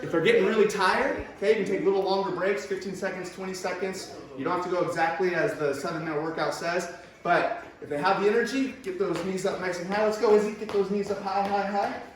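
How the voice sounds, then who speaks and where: A man leading a home workout as a fitness instructor, encouraging and quick with short praise, recorded indoors at home. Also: sits high. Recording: echoey room, far from the mic.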